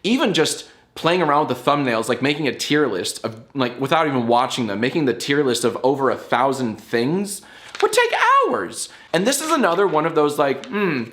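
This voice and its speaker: A man hosting his own YouTube show, talking casually to the camera in a playful way, with his pitch jumping up and down as he spells things out. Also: sing-song, moderate pace, fairly bright tone.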